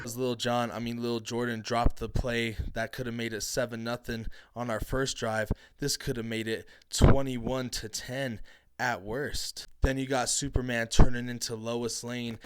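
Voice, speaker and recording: A man's voice: medium pitch, fairly bright tone, clear, resonant tone. A man ranting about a football game, brash and mocking, with profane trash talk at his critics. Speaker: sports commentator. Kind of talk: heated sports reaction rant.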